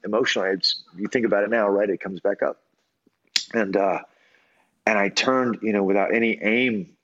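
A man telling a personal story as an interview guest, earnest and halting, with many restarts and fillers. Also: on the low side, fairly bright tone, highs cut off.

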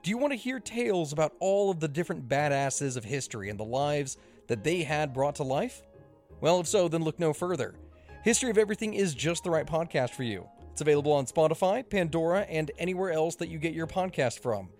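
A man's voice: animated, brisk, a little mellow, soft background music. Upbeat man reading a podcast promo. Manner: upbeat, scripted pitch.

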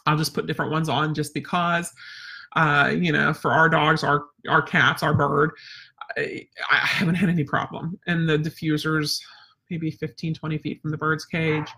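A woman's voice: deep voice, level tone, moderate pace, bright, forceful tone. A woman dog trainer teaching a casual live webinar, chatty and rambling with lots of fillers.

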